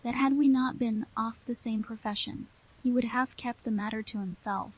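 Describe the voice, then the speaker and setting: A woman narrating a classic novel in the first person, with a steady, somber reading. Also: on the high side, moderate pace, breathy edge, low-quality recording. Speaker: audiobook narrator.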